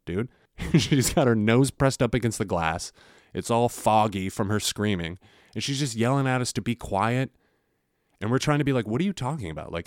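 A man's voice: on the low side, no room sound, studio quality. A young man hosting a podcast, telling a casual, laughing story full of swearing. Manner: laughing, animated storytelling with profanity. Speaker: podcast host.

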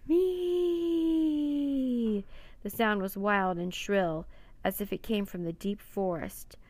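Woman storyteller, slightly gravelly, even children's-book narration. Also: mid-range voice, measured pace, dry recording. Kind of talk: children's book read aloud.

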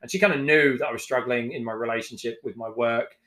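A man in his forties speaks with raw frankness as a podcast guest and swears freely. His voice sits at an ordinary middle pitch. He slips into quick acted snippets of past conversations as he tells his story. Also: pushed and bright. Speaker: podcast guest, executive chef.

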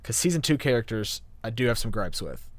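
Young man, mid pitch, easygoing, hesitant, dry close recording. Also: very animated, brisk, dry recording. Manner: easygoing, hesitant, many fillers. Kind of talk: casual anime review chat.

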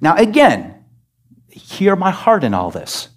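A man preaches from the pulpit with emphatic, scolding force, firing off rhetorical questions. His voice sits a little high for a man. He sounds like a pastor mid-sermon in a church. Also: huge pitch swings, slow pace. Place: church sanctuary.

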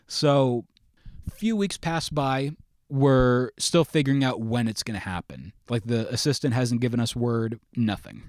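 Lively, self-mocking young man telling a story. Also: mid-range voice, measured pace, dry recording, studio quality. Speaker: podcast guest. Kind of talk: animated anecdote telling.

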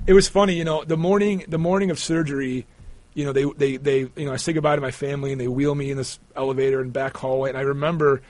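A man being interviewed, telling a personal story in a rambling, animated way with many restarts. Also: medium pitch, fast. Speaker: guest, sportswriter.

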